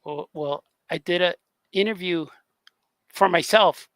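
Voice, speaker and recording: A man's voice: high voice, unhurried, a bit bright, no echo. A man, a cartoonist, chatting casually on a livestream, rambling and laughing often. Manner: rambling, laughs often, drops into grunting impressions. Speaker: cartoonist co-hosting a livestream chat. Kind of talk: casual chat.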